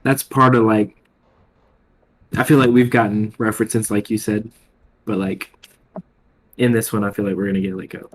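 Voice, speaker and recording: A man's voice: fairly low pitch, little pitch movement, normal speed, pauses often. A young man in casual podcast chat, speaking hesitantly and politely.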